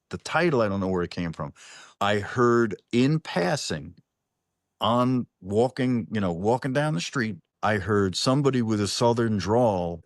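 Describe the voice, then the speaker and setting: A man with a low, deep voice talks loosely in a casual online interview. He rambles, restarts his sentences and swears offhandedly. The sound is dry and close, with no room echo. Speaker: singer-songwriter guest. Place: New Orleans-based. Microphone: online interview call.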